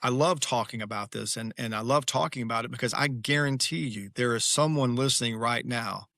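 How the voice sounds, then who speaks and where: A man's voice: mid-range voice, brisk, vocal fry, pushed and bright, no echo, clean studio sound. A middle-aged man, a podcast guest and author, talking candidly and emphatically in an interview, repeating his key phrases.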